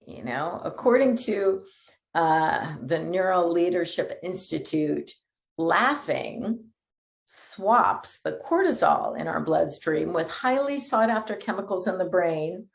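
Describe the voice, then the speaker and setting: A middle-aged woman minister giving a sermon in a lively, conversational way, often breaking into laughter. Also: deep voice, vocal fry.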